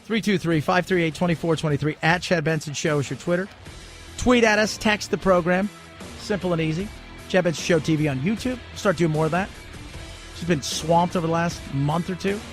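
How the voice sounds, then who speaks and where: A man's voice: a little high, brisk, soft background music. A man hosting a talk radio show, chatty and opinionated, joking as he goes.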